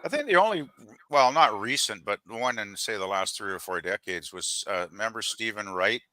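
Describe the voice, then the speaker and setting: Lower-voiced man, bright and close. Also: expressive, normal speed, dry recording. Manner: easygoing, agreeable. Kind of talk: casual chat.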